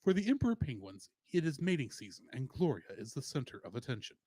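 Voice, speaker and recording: A man's voice: medium pitch, sing-song, fast talker, dark tone, slightly rough, no echo. A man co-hosting a podcast, reading a plot summary and film trivia with playful asides. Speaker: podcast co-host.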